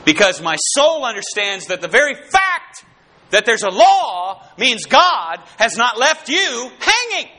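Fervent male preacher with a very high, piercing voice; calls out to the congregation. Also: sing-song, unhurried, bright, forceful tone. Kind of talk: sermon.

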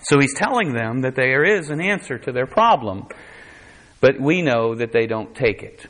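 A man's voice: mid-range voice, expressive, moderate pace, a bit bright. A man preaching a conversational sermon, quoting scripture in a dramatic voice. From United States.

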